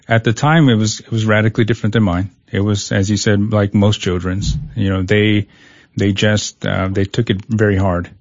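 Earnest low-voiced man telling a story. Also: little pitch movement, moderate pace, dry recording, lo-fi sound. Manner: earnest, emotional storytelling with repeated words. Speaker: guest. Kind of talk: conversational interview.

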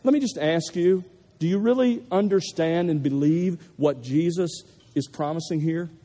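High-voiced emphatic male preacher in a hall. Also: expressive, normal speed, mellow. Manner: emphatic, building to stressed repetitions. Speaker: pastor. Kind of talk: sermon. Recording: long reverb of a large hall.

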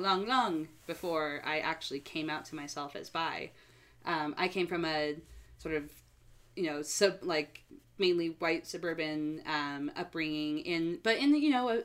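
A young woman with a notably low voice talks easily as a podcast guest. Her speech is relaxed and chatty, full of small fillers, like someone sharing her own story among friends. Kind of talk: casual podcast conversation.

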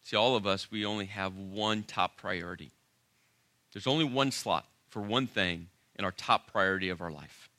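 A male pastor preaching a sermon, animated and emphatic with dramatic pauses. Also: on the low side, dry recording.

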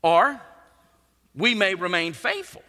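A male pastor delivering a sermon in an earnest, emphatic way, his bright, fairly high voice leaping and falling with great animation. He takes his time over each phrase, and a long reverb from the large church hall trails behind every word. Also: very animated, slow. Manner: earnest, emphatic preaching with dramatic rises and drops.

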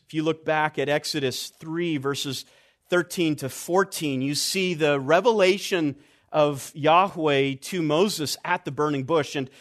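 A man delivers an expository sermon in a fairly high voice. He speaks slowly and deliberately, leaning on key words. His phrases sink low and soft at their close. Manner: slow, deliberate emphasis, dropping low and quiet at phrase ends. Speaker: preacher.

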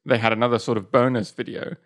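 A man of middle pitch co-hosting a podcast, talking freely in casual chat. He laughs easily and likes to tease his partner. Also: level tone, fast. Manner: chatty, laughs easily, teasing. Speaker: podcast co-host.

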